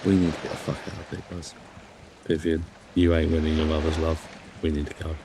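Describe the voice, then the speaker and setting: A man's voice: a bass voice, flat delivery, fairly quick, creaky, noisy background. A man playing a tabletop game, talking bluntly and swearing. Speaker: player. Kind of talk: casual game chat.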